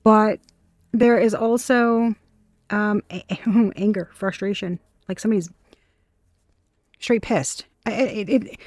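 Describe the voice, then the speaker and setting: A woman's voice: mid-range voice, steady tone, takes it slowly, pauses often, a little mellow, no echo, clean studio sound. Blunt, swearing woman reading tarot. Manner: blunt, swears freely, scornful asides. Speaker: tarot reader. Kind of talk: casual tarot reading to camera.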